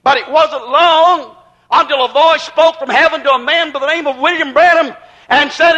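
High-pitched man, forceful bright tone, fiery preaching with shouts. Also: fairly even intonation, moderate pace, a faint crowd, low-quality recording. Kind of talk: sermon.

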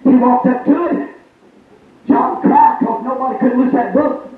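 A man with a strikingly high voice delivers a fervent call-and-response sermon, rolling through repeated phrases and checking in with the congregation. The recording is thin and tinny, heard from a distance in a very echoey room. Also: unhurried, soft background music. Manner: rhythmic, repeating phrases, often asking the congregation "is that right?". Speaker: preacher. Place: church service.

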